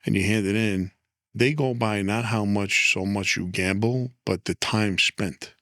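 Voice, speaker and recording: Low-voiced man handing out gambling tips. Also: fairly even intonation, a little slow, pushed and bright, no echo, studio quality. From United States. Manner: streetwise, instructive, tosses out tips. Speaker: interview guest. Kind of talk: casual storytelling chat.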